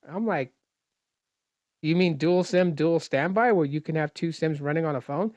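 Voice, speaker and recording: A dissatisfied phone customer tells a frustrated, casual storytime rant about a customer service call, retelling the dialogue in his own voice and explaining technical details at length. He sounds exasperated. His voice is fairly high and darkish at a moderate pace, in a dry recording.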